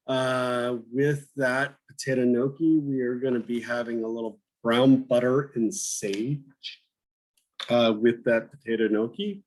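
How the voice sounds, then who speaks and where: Slow, halting male cooking teacher. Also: medium pitch, darkish tone, poor audio. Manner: slow, with many fillers and restarts. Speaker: cooking instructor. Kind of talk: online cooking class.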